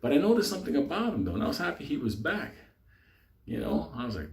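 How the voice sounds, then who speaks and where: Profane New storyteller in a roomy space. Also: male voice, mid-range voice, fast talker. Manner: profane, animated, laughs often. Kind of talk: casual storytelling.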